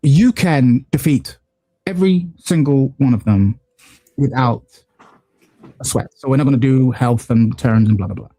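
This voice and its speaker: A man runs a tabletop game over a call, his voice mellow and warm. The sound is dry and close. He narrates haltingly, with frequent ums and restarts. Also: mid-range voice, dry recording. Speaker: game master.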